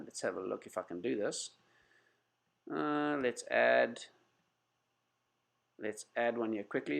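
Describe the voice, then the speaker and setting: Male livestream host, mid-range and gravelly, has a cold; loose, chatty and apologetic with viewers. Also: medium pitch, fairly bright tone. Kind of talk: casual livestream chat with viewers.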